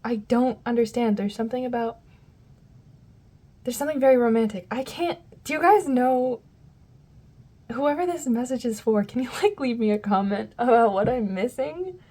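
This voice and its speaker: A woman's voice: on the high side, moderate pace, warm tone. A woman giving a casual tarot reading to her viewers, rambling and often losing her train of thought. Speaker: tarot reader.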